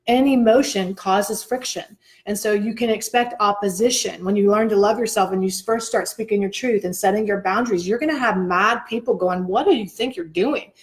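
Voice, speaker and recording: A woman's voice: medium pitch, fairly quick, few pauses. A woman co-hosting a casual motivational chat, earnest and encouraging, acting out the voices she quotes. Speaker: co-host, coach.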